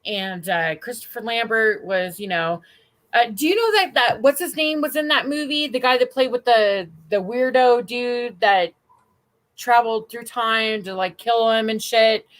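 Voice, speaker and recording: A woman's voice: on the high side, lively intonation, measured pace, fairly bright tone. A woman hosting a casual livestream chat, rambling and bawdy as she talks with friends and the chat. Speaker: stream host.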